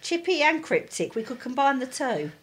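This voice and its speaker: Higher-voiced woman, lively and reassuring. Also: moderate pace, breathy edge. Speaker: podcast co-host. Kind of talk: casual chat and reading letters.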